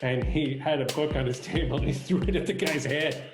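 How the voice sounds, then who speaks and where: A man's voice: a little high, a little fast, background noise. A man in casual conversation who eagerly shares what he knows. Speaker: co-host. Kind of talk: casual conversation over video call. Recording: roomy video call audio with music.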